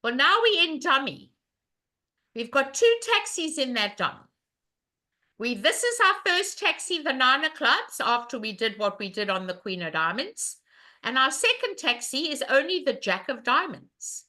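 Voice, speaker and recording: Casting: woman card-game teacher, high bright voice, chatty, quizzes the class as she plays the hand. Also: big pitch swings, moderate pace. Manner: chatty, asks the class rhetorical questions. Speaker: bridge teacher. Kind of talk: live online lesson.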